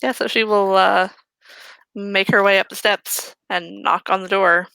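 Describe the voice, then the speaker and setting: A woman's voice: medium pitch, steady tone, measured pace, creaky, pushed and bright, clean tone, dry recording, poor audio. A woman player casually describing what her character does in a tabletop game, chatty and laughing.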